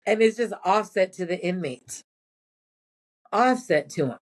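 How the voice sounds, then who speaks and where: A woman's voice: mid-range voice, animated, a little slow. A former prison nurse, a woman, telling blunt and profane stories in a casual interview.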